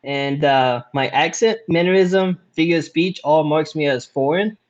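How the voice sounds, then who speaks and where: A man playing a tabletop game, explaining his moves with pauses and restarts. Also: a little high, highs cut off. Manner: hesitant, with fillers and restarts. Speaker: player. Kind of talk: casual tabletop game play.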